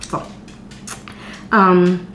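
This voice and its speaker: A woman's voice: fairly low pitch, level tone, drawn-out words, a bit bright. A woman in her thirties chatting candidly to her viewers, telling a personal story. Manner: chatty and candid, repeating words as she talks. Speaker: vlogger answering viewer questions. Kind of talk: casual storytelling chat. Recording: echoey room with faint hum.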